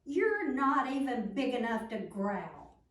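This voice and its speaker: Woman doing a teasing boy animal for a kids' story, slow, roomy and distant. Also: fairly high pitch, sing-song.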